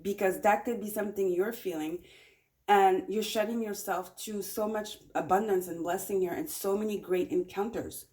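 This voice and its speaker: A woman talks through a pick-a-card tarot reading in a relaxed, chatty way. She is encouraging and repeats short phrases over and over for emphasis. Her pitch sits in an ordinary middle range for a woman. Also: normal speed. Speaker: tarot reader.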